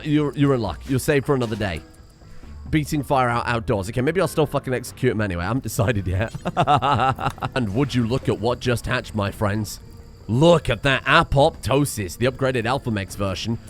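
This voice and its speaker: Lively excitable man gaming. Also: mid-range voice. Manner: excitable, sweary, laughs often. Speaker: gaming streamer. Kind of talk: let's play commentary.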